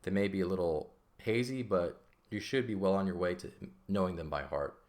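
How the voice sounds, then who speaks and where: Deep-voiced man teaching grammar. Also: brisk, a little mellow. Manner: explains patiently, checks in with frequent "okay?". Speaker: Greek teacher. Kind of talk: recorded grammar lesson.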